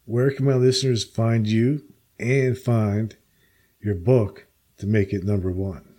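A man hosting an interview podcast, speaking in a relaxed, reflective way and answering his guest with short murmurs. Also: lowish voice, unhurried. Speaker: podcast host. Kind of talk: casual interview chat.

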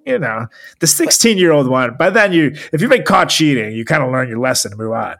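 A man's voice: mid-range voice, sing-song, brisk, vocal fry, fairly bright tone. A man co-hosting a podcast, chatting casually with crude jokes and frequent laughter. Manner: joking, crude, laughs often. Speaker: podcast co-host. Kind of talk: casual podcast chat with a read ad.

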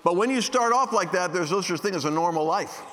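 A man preaching through a personal story in a casual, animated way, acting out the dialogue with sudden high outbursts. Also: fairly quick, long reverb tail. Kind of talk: anecdotal sermon storytelling.

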